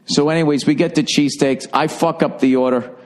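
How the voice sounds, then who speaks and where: A man's voice: fairly even intonation, a little fast. Rambling profane man telling a story. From Boston area. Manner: profane, rambling, with sudden high-pitched bursts for emphasis. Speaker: podcast host. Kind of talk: casual storytelling monologue.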